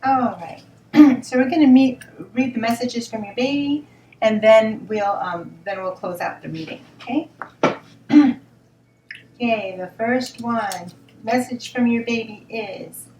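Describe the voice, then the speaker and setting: A woman giving a spoken tarot reading in a gentle, reassuring tone, often repeating words and asking "all right?". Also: on the high side, unhurried. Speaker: tarot reader. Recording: roomy sound from a distance, faint noise.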